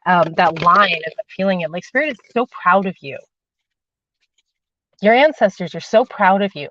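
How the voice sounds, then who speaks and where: A woman hosting a spiritual livestream and reading tarot, talking casually and warmly to viewers, repeating phrases for emphasis. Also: lowish voice, expressive, moderate pace, slight background noise. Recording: dull, lo-fi, dry livestream audio.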